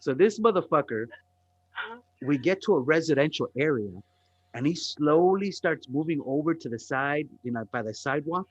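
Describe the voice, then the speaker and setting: A man from the Los Angeles area spins a long, profane story on a comedy podcast. His voice is husky and his delivery rambles animatedly. The recording sounds a little dull and muffled. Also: fairly high pitch, expressive, moderate pace, no room sound. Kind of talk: casual storytelling.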